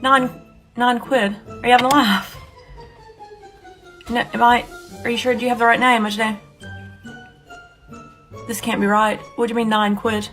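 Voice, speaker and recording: A woman's voice: a little high, little pitch movement, moderate pace, long pauses, a bit bright, faint music behind. A woman voicing a chatty, easily surprised middle-aged British woman in a comic sketch. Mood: incredulous. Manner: incredulous, chatty.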